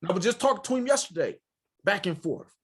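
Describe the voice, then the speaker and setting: A man from Michigan, a podcast co-host, telling a story in casual, profane and animated chat. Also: high-pitched, quick pace, husky. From Port Huron, Michigan.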